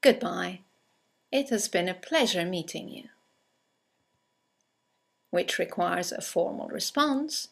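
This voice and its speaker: A woman narrating a scripted English conversation lesson, reading example greetings aloud with slow, clear delivery. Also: lowish voice, lively intonation. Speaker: English teacher.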